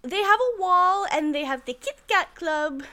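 A woman's voice: extremely high pitch, animated, unhurried, sharp tone. A woman co-hosting a casual film chat, swearing freely and often laughing. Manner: swears a lot, giggly.

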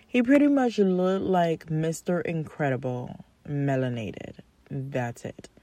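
A woman's voice: low voice, slow, dark tone, no room sound. Blunt, profane young woman ranting. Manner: blunt, exasperated, profane, mocking imitations. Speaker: podcast host. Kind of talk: casual storytelling rant.

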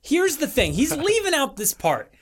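A man's voice: very high-pitched, huge pitch swings, normal speed. A young man co-hosting a podcast, joking and swearing in loose chat. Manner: joking, swearing, sing-song. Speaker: podcast co-host. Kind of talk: casual chat.

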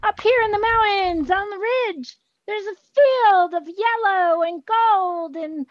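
A woman's voice: extremely high pitch, slow pace, no room sound. A woman voicing a cheeky, bold crow that caws and taunts. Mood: excited. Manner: cawing, taunting. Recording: dull lo-fi audio.

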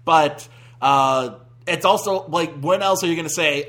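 A man's voice: a little high, unhurried, a bit bright. A man giving a casual, rambling spoken movie review, sarcastic and full of restarts.

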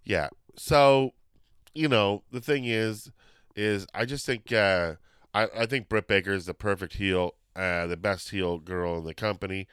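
Smooth-voiced rambling podcast host. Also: male voice, lowish voice, unhurried, no echo. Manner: rambling, excitable, loses his train of thought. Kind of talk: casual podcast chat.

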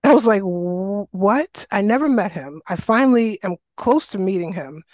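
A middle-aged woman from New York, a guest telling her life story in a casual interview, animated and full of fillers. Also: mid-range voice, a little fast, no echo. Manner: animated, acts out quoted voices, frequent fillers. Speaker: guest, wellness coach.

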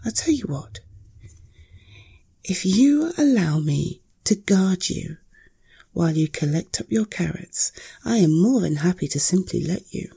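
Mischievous storybook cat, played by a woman, dark breathy tone, whispered role-play. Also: lowish voice, expressive, measured pace, heavily acted. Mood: sly. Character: bold cat, cool and mischievous.

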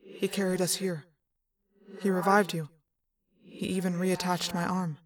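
A woman voicing a solemn young male alien warrior, speaking in a grave, measured way in an audiobook reading. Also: fairly low pitch, flat delivery, far from the mic, a crowd in the background, close to an everyday voice. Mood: subdued.

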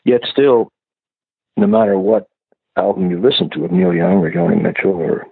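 Acadian man, singer-songwriter guest, very deep gravelly voice, halting answers over a tinny phone line. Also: no echo. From Canada. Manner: hesitant, many restarts and fillers. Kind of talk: casual interview answers.

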